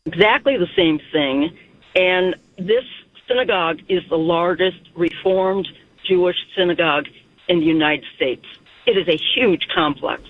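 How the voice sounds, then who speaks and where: Emotional woman on a tinny phone line. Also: no echo. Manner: emotional, rushed, voice climbing high. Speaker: caller. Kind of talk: phone-in talk radio call.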